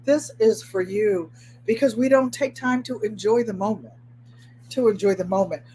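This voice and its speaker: A woman's voice: mid-range voice, normal speed, mellow, slight background noise. Chatty woman hosting a craft livestream. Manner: chatty, motivational, talks straight to viewers; repeats phrases for emphasis. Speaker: host of a craft channel. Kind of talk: casual livestream chat. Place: at home, indoors.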